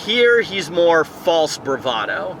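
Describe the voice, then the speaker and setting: Chatty man with a bright, sharp voice. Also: a little high, very animated, slow, slight background noise. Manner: chatty, digressive, thinks aloud with fillers. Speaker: movie reviewer. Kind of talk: casual rambling review. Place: outdoors in a town area at night.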